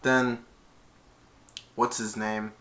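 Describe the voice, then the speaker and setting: A man's voice: lowish voice, little pitch movement, drawn-out words, fairly bright tone. A young man in his twenties casually retelling a movie plot in a rambling, hesitant way, often correcting himself. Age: 20s. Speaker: amateur movie reviewer.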